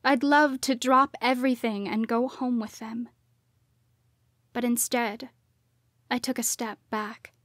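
A woman narrating a first-person audiobook in a hushed voice that often drops to a whisper. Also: a little high, fairly even intonation, takes it slowly, pauses often, dry recording, clean studio sound.

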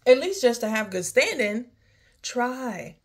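A woman's voice: on the high side, big pitch swings, slow, breathy edge. A woman talking candidly in a personal vlog, sighing often as she drifts from work troubles to faith. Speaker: vlogger. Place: outdoors near her home, rain starting.

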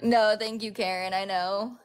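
A woman's voice: mid-range voice, fairly even intonation, a little slow, clean tone. A woman chatting casually on a live stream, laughing often and acting out what other people say. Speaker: livestream host; crisis counselor.

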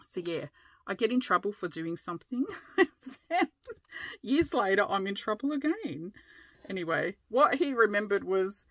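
A woman's voice: medium pitch, animated, moderate pace, fairly bright tone, no echo. An Australian woman in her fifties, hosting a crafting vlog and telling a rambling, chatty story. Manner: rambling, chatty, often laughing. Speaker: crafting channel host.

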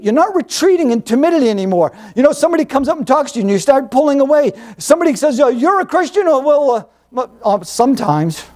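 Male pastor, high pitched, lively, teaching sermon with acted-out dialogues. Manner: animated, acts out little dialogues, rhetorical questions.

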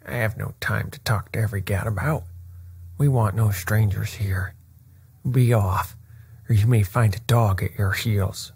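A man's voice: fairly low pitch, steady tone, unhurried, darkish tone, full character voice. A man doing a fierce old bullying trainer. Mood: gruff. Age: older. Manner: blustering and gruff. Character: fierce elderly male horse trainer, bullying. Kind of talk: bedtime story reading.

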